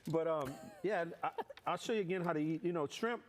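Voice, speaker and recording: A middle-aged man, a guest cook, explaining his cooking step by step in a relaxed, rambling way. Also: a little high, fairly quick, a little hiss or hum. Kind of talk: casual explanation.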